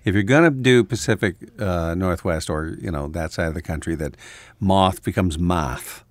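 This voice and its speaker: A man's voice: low voice, expressive, brisk, no echo. A man who works as a voice actor, guesting on a casual podcast chat, playful and wry. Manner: playful, wry, slipping into bits.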